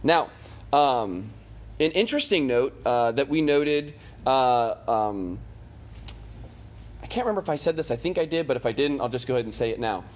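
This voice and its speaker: A man's voice: medium pitch, animated, moderate pace, long pauses. A man teaching a catechism class, talking casually to his students with many fillers, restarts and "right?" check-ins. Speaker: Bible teacher.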